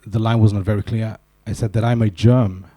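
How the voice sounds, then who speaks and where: A man's voice: on the low side, flat delivery, a little fast, warm tone. A man from Germany giving a conference talk, telling wry, self-deprecating stories with asides. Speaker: conference speaker. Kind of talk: humorous keynote talk. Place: conference hall.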